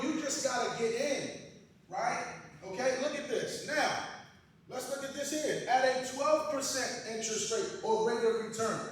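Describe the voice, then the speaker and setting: High-voiced passionate man lecturing in an echoey hall. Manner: passionate, loud, talks to the audience with frequent "right?". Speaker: financial education presenter. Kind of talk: energetic workshop lecture. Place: large echoey hall with a live audience. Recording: very echoey hall, distant mic, faint noise.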